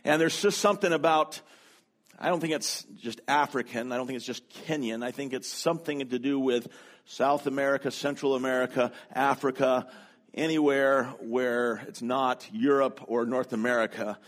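A man's voice: mid-range voice, steady tone, moderate pace. A male pastor giving a sermon in a church, talking in a chatty, conversational way with self-deprecating humor, on a handheld microphone. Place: church sanctuary.

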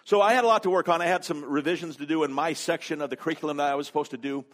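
A man's voice: fairly high pitch, rapid-fire. A man preaching a sermon, telling a story conversationally, with humor and frequent fillers. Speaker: pastor.

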